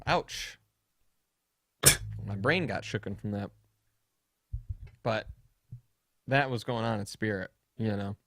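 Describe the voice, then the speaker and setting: A man's voice: fairly low pitch, takes it slowly, gravelly, pauses often, a bit bright, dry recording, clean studio sound. A young man co-hosting a podcast, rambling through funny stories in casual chat and laughing often. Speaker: podcast co-host.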